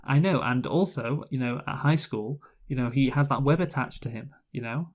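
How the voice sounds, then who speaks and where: A man's voice: medium pitch, moderate pace. A man co-hosting a casual movie review chat, rambling with lots of fillers and restarts. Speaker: podcast co-host, movie reviewer.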